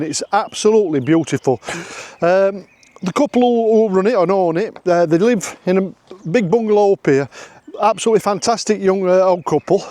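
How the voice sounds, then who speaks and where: Outdoors at a campsite, a middle-aged Yorkshire vlogger films himself on a handheld phone. His voice is a little high and darkish, with no echo. Chatty and jokey, he laughs frequently and keeps repeating his phrases.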